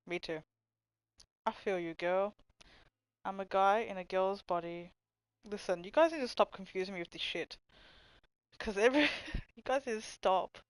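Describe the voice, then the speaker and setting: A young woman hosting a livestream, chatting casually with viewers in a low voice that people mistake for a man's, swearing and laughing often. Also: smooth, no echo, rough recording. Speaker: livestream host. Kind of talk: casual chat reading stream comments.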